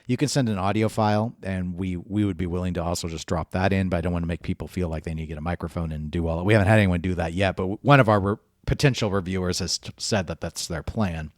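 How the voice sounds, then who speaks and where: A man's voice: low-pitched, quick pace, hardly any pauses, no echo, clean studio sound. A man co-hosting a gaming podcast in casual chat, thinking aloud with frequent restarts. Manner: hesitant, restarts often while thinking aloud. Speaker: podcast co-host.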